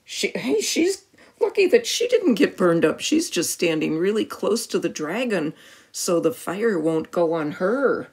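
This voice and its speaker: A woman reading a picture book aloud to a child, animated, with gasps and questions for the listener. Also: lowish voice, a little slow, breathy edge.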